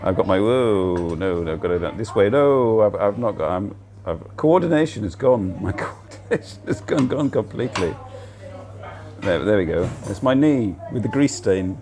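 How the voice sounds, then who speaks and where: A man's voice: lowish voice, lively intonation, moderate pace, darkish tone. A middle-aged man chatting casually on a livestream from a cafe, laughing often and poking fun at himself, recorded on a laptop mic. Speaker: livestream host.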